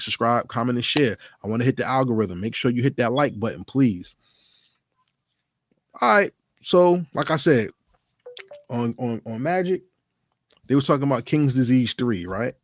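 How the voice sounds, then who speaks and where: In a clean, dry studio recording, a medium-pitched man hosts a hip-hop commentary channel. He talks casually and emphatically to his viewers in solo commentary to camera, tossing out plenty of rhetorical questions.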